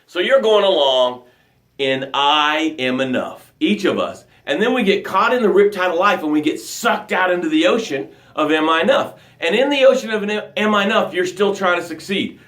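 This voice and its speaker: This coach's high voice moves at a moderate pace as he runs a live motivational broadcast. Energetic and emphatic, he reads viewer comments out loud, and the sound is roomy.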